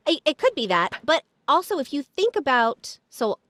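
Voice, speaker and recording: A woman's voice: sits high, very animated, normal speed, fairly bright tone, no room sound, clean studio sound. A woman hosting a podcast in casual chat, upbeat and encouraging, with lots of fillers. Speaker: podcast host.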